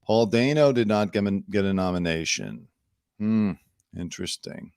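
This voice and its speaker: A man's voice: lowish voice, normal speed, a little mellow, smooth, no echo, studio quality. A man hosting his own news commentary show, chatty and opinionated with sarcastic asides. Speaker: host.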